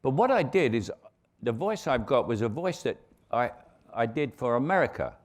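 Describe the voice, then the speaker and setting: An older man with a London Cockney accent, a veteran actor telling anecdotes on stage as a relaxed raconteur. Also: mid-range voice, moderate pace. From England. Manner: relaxed raconteur, frequent restarts and chuckles.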